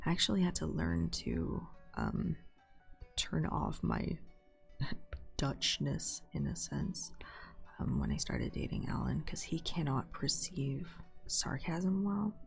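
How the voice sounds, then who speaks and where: A young woman streamer chatting casually while she draws, sarcastic and slangy, swearing freely and slipping into soft whispery asides. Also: sits low, huge pitch swings, unhurried, creaky, faint music behind. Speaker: live streamer.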